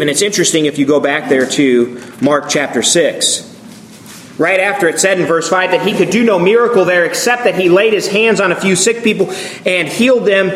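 A man preaching a sermon, reading scripture with lively expression and voicing the people in the story. His voice sits high and rings around a reverberant room. A faint hum of ambience runs underneath. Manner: expressive Bible reading, acting out quoted voices. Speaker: pastor.

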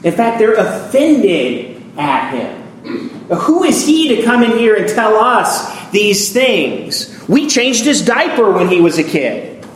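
A man's voice: high-pitched, very animated, takes it slowly, roomy sound, a little hiss or hum. A man preaching a sermon as pastor, reading scripture aloud and acting out the quoted voices with feeling.

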